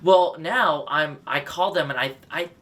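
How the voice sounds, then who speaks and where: A man co-hosting a podcast, telling quick, animated anecdotes in casual chat. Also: on the high side. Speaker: podcast co-host.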